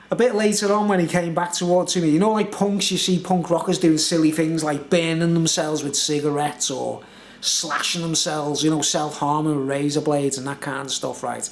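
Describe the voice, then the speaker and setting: Chatty man with a high voice. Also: fairly even intonation, moderate pace, vocal fry, echoey room, a little hiss or hum. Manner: chatty, laughs often, fills with "you know what I mean". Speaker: vlogger telling a story. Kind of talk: rambling casual storytelling.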